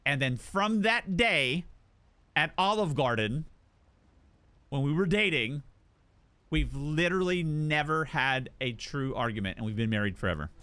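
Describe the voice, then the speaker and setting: A man's voice: on the high side, unhurried, pauses often, clean tone. A young man chatting casually on a game live stream, telling stories with playful jokes and acted-out voices. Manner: animated storyteller who acts out voices and jokes.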